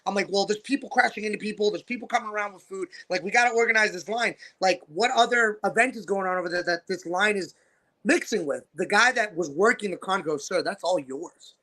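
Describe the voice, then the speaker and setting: A man hosting a podcast, telling stories in a lively, animated way and acting out the voices of the people in them. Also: high-pitched, fairly quick. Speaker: podcast host and wrestling promoter. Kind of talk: casual storytelling chat.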